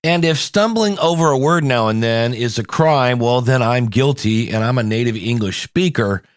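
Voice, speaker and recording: A man's voice: medium pitch, normal speed, dry recording, studio quality. A man from Ohio with a Midwestern American accent, hosting a podcast and talking about accents in a chatty, informal way. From Ohio, USA. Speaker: podcast coach and host. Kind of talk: upbeat podcast talk.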